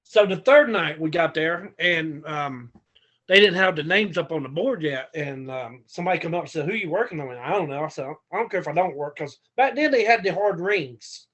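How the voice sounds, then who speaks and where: Male guest, rough-talking raconteur, animated retelling, somewhat high pitch. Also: moderate pace. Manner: profane, animated storyteller acting out quotes. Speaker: guest, former pro wrestler. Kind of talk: casual storytelling.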